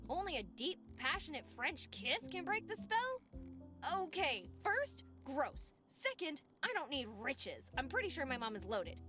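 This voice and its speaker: A woman voicing a sarcastic, quick-witted game heroine who keeps arguing with a duck. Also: high-pitched, sing-song, music in the background. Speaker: game protagonist. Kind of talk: voiced game dialogue.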